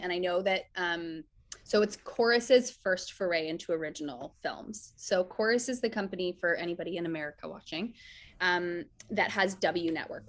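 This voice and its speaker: Woman guest chatting away, lots of "like", acts out voices in her stories. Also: fairly low pitch. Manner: animated storyteller, acts out quotes, says "like" often. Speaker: actress guest. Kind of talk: casual interview chat.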